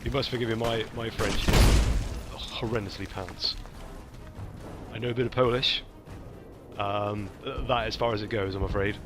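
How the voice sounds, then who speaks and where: Chatty gamer. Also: male voice, on the low side, steady tone, normal speed, pauses often, loud music behind the voice. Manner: chatty, playful asides. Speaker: let's play host. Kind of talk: casual gameplay commentary.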